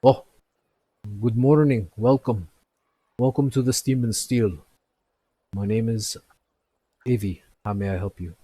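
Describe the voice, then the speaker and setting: A man's voice: on the low side, unhurried, long pauses, mellow, breathy edge, dry recording. A man voicing a friendly red-skinned male genasi blacksmith who greets customers politely at his shop counter. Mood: welcoming. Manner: welcoming, polite shopkeeper.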